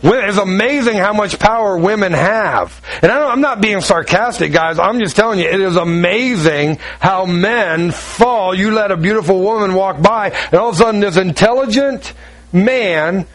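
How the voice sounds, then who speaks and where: High-voiced man preaching a sermon. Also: animated, a bit bright. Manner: emphatic, repetitive preaching with quick asides. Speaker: pastor.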